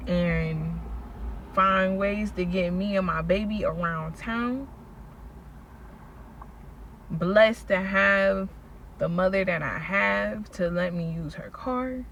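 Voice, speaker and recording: A woman telling a personal faith story in a casual vlog, slangy and animated as she recounts events. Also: fairly low pitch, takes it slowly, lo-fi sound, slight background noise. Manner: animated storytelling, acts out quoted people, slangy. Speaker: faith vlogger.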